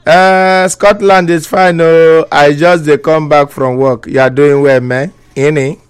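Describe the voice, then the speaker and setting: Nigerian man, pidgin accent, slightly higher voice, comic mock-bishop on a live stream, laughs a lot. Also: steady tone, slow pace, clear, resonant tone, soft background music. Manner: playful mock preaching, laughs often between lines. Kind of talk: live-stream comedy, reading viewer comments.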